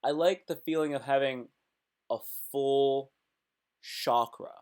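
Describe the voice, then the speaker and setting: A man chatting casually on a live stream, reading comments and reacting with sudden loud outbursts. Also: medium pitch, slow pace, clean tone. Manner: animated, talks to himself and chat, sudden loud outbursts.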